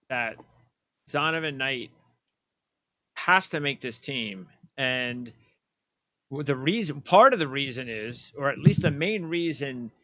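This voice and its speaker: A man with a medium-pitched, slightly bright voice, recorded without echo, co-hosts a sports talk show. In a casual debate he argues his roster picks emphatically and opinionatedly, restarting often.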